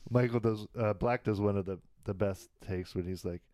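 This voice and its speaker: A man's voice: lowish voice, steady tone, warm tone, no echo, clean studio sound. A man casually recapping a TV episode on a podcast, laughing as he retells the scenes. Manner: retells scenes with quick acted quotes, often laughing. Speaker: podcast co-host.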